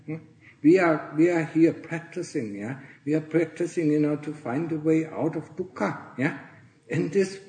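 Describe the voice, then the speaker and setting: Earnest monk ending phrases with "yeah?". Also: male voice, on the high side, a little mellow, reverberant, low-quality recording. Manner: earnest, tags nearly every phrase with 'yeah?' or 'huh?'; clears his throat often. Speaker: Buddhist monk teaching fellow monastics. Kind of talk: Dharma talk. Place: monastery in Thailand.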